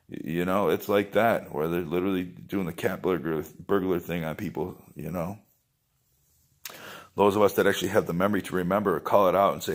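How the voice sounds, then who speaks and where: A man's voice: low voice, a little fast. A man talking in a casual, rambling monologue, wandering between thoughts and swearing freely.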